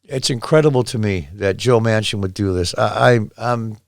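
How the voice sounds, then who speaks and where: A man's voice: lowish voice, moderate pace, no room sound, studio quality. A man hosting a solo political commentary show, reading news aloud and reacting with exasperated, sarcastic disbelief. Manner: exasperated, sarcastic, incredulous outbursts.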